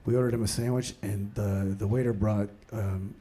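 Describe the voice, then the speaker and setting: A man in his thirties doing stand-up comedy, swinging between mumbled asides and loud outbursts. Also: lowish voice, fairly even intonation, moderate pace. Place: comedy stage before a live audience. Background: audience laughter.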